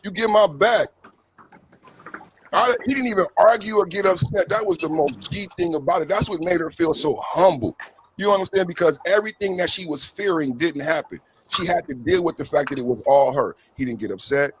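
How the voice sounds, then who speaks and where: A man co-hosting a talk show, giving emphatic, mocking commentary that swings between loud bursts and low asides. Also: brisk, crowd noise, poor audio. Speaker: podcast co-host. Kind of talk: animated commentary.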